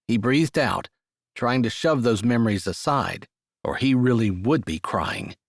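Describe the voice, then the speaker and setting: A man narrating a romance audiobook in a steady, measured storytelling voice. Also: mid-range voice, creaky, no echo, studio quality. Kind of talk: scripted narration.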